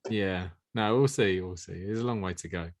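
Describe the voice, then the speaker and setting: A man's voice: deep voice, normal speed. A man co-hosting a podcast, reading listener questions and chatting wryly. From southern England. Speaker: podcast co-host.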